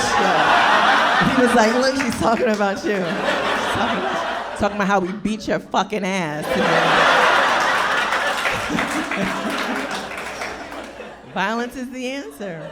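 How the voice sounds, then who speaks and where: A woman performing a stand-up set, brash, profane and punchy. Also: a little high. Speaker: stand-up comedian. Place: live comedy show with audience. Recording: loud audience laughter and noise.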